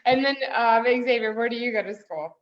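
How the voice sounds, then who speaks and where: A woman's voice: on the high side, moderate pace. Upbeat woman hosting an interview. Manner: enthusiastic, upbeat. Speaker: interview host. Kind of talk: casual interview. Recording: dull lo-fi audio with faint noise.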